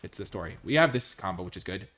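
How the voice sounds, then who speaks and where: A man commentating his own card game matches casually, excitable and full of exclamations. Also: deep voice, fast talker.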